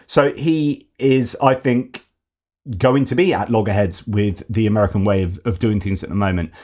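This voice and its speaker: A man's voice: lowish voice, normal speed, darkish tone. A man hosting a news commentary show, talking through current events in a conversational, opinionated way as he thinks aloud. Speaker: host of a news commentary channel.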